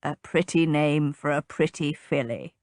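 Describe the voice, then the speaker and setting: A woman voicing an older, gruff, rumbling rural father with a blunt manner in an audiobook. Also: unhurried, darkish tone, dry recording, studio quality. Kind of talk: audiobook character voice.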